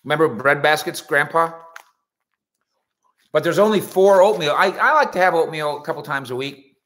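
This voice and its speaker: A man hosting a casual sports talk show in a bright, forceful voice. His pitch swoops up and down a lot as he rambles through jokey stories. He keeps breaking off into playful asides. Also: expressive, normal speed. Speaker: sports radio and web show host. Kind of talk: casual comedic monologue. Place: indoors at home.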